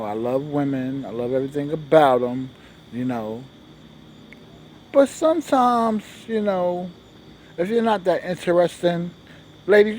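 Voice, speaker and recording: Slow slangy comedian host. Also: male voice, a little mellow, slight background noise. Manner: loose slangy storytelling, acts out dialogue in shifting voices; sings a repeated show jingle in a high voice. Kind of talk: stand-up monologue.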